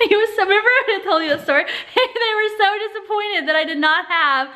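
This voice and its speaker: A woman's voice: sits high, moderate pace, bright, forceful tone. A woman from Texas vlogging at home, chatting casually with lots of laughter as she tells stories. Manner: chatty, laughing often, storytelling. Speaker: vlogger, mother. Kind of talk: casual chat. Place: family home, indoors.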